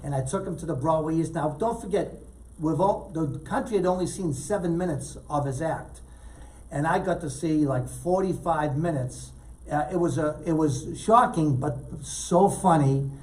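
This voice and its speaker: A man telling animated stories as a guest in a casual talk show chat, acting out the people he quotes. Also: a little high, moderate pace, far from the mic, rough recording. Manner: animated storyteller, acts out quotes loudly. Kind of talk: storytelling chat.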